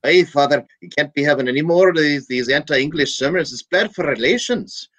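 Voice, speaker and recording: A man's voice: fairly high pitch, animated, fairly quick, fairly bright tone, voice pushed up. A man voicing a stern bishop who scolds a priest.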